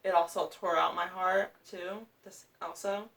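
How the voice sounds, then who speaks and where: A woman's voice: lowish voice, steady tone, measured pace, gravelly, a bit bright, distant mic. A young woman ranking books in a casual vlog, chatty and gushing, with lots of fillers and restarts. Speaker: booktuber.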